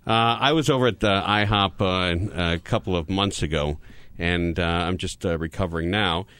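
A man's voice: low voice, moderate pace, fairly bright tone, clear, resonant tone, no echo. A man in his forties hosting a radio talk show, joking around with guests and hesitating with fillers. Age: 40s. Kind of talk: casual on-air chat.

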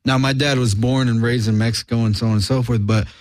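A man co-hosting a casual radio show, telling stories in an animated, swearing way. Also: mid-range voice, fast, no room sound.

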